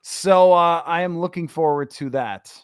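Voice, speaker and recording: A man's voice: on the high side, a little slow, clear, resonant tone, dry recording, clean studio sound. A man hosting a sports podcast, chatting casually, opinionated and ranting at times, with frequent filler sounds. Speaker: podcast host.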